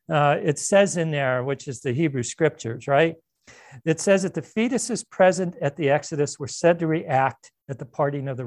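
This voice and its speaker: A male pastor preaching in an animated, conversational way, his voice sitting a bit high for a man. The sound is dry and close, with little room around it. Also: no room sound. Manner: animated, conversational, with frequent restarts and asides. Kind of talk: sermon.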